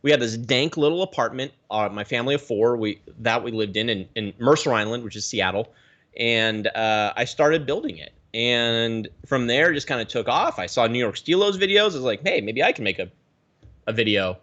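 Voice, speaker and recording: Lively, animated man on a muffled call. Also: mid-range voice, normal speed. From Pacific Northwest, US. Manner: animated, rambling, self-correcting. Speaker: guest, aquarium YouTuber. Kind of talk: casual storytelling on a live video call.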